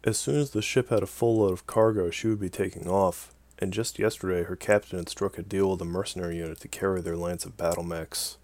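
A man narrating a science fiction story in an even, measured way. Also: low voice, no echo. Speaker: audiobook narrator. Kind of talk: scripted narration.

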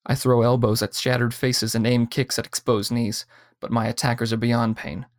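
A man narrating short stories aloud with steady, even pacing. His voice is mid-pitched, and the recording is close and dry, with no room sound. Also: moderate pace, no echo. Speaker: story reader. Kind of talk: scripted narration.

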